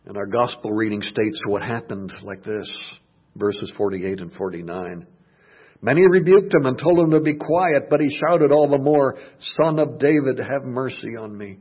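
A man preaching a sermon, dropping to hushed murmurs and rising to loud shouted passages. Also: medium pitch, normal speed, husky, muffled recording.

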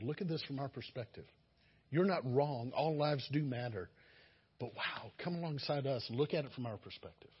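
A man's voice: mid-range voice, husky, dull audio. A man preaching a sermon, earnest and exhorting, sometimes acting out the voices of listeners. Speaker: pastor.

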